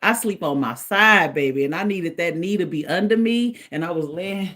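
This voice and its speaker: A middle-aged woman hosting a casual livestream, chatting in an animated way and laughing often. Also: on the low side, moderate pace, few pauses. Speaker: livestream host.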